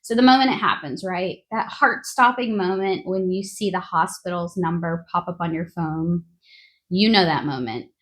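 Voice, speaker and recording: A woman's voice: fairly low pitch, normal speed. A woman hosting a nurses' podcast, giving a sarcastic, exasperated comedic monologue.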